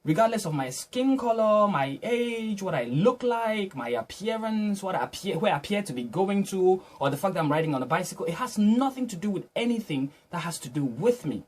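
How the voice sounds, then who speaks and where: Male vlogger, slightly high husky voice, earnest reflective storyteller, restarts his phrases. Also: very animated, brisk, hardly any pauses, a little mellow.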